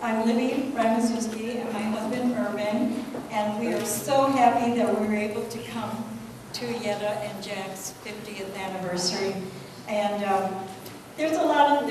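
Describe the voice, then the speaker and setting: An older woman from the United States, telling a chatty story in a soft voice as a guest speaker at an anniversary party. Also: a little high, noisy background. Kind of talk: anniversary speech. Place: hotel banquet hall. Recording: echoey banquet hall from far off.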